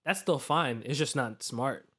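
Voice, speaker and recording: A man in a casual chat, joining in playfully with quick reactions. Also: medium pitch, sharp tone, husky.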